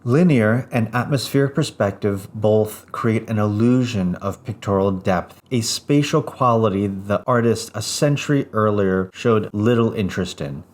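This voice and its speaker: Male narrator, lowish voice, measured scripted art history lecture, even pacing through lists. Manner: measured, even delivery with list-like pauses.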